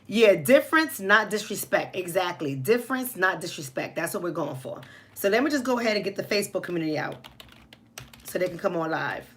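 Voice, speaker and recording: A woman's voice: fairly low pitch, animated, a little fast, a bit bright, a little hiss or hum. A woman with a New York accent hosting a live commentary stream, blunt and outspoken, talking straight to her chat. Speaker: livestream host.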